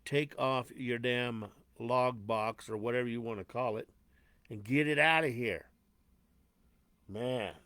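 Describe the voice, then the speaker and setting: A man hosting a live show in a loose, chatty way, greeting viewers as if they filled a stage hall. He rambles with fillers and light cursing at a middle pitch, and the sound is dry and close with no room echo. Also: slow pace, a bit bright. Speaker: host.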